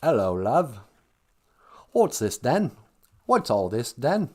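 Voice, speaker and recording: A man's voice: mid-range voice, sing-song, slow pace. A man playing a jokey mock-English chatterer with an exaggerated lilt.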